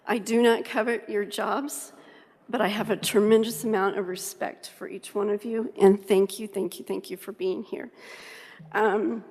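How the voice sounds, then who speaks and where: A nervous woman from Kansas giving earnest public testimony at a legislative hearing, halting with frequent ums. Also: mid-range voice, flat delivery, darkish tone. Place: large legislative hearing room. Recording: reverberant hearing room audio.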